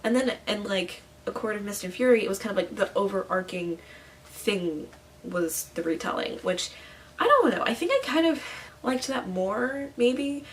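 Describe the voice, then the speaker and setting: A woman's voice: mid-range voice, lively intonation, moderate pace, far from the mic, a little hiss or hum, rough recording. A young woman talking casually about books on her channel, chatty and full of "like" and playful asides. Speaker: book vlogger. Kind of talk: casual book talk.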